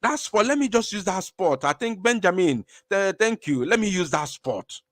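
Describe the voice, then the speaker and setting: A man's voice: sits high, moderate pace, no room sound. Guy doing live stream commentary, chatty and rambly, dry close sound. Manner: animated, rambling, speaks to viewers. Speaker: online show host.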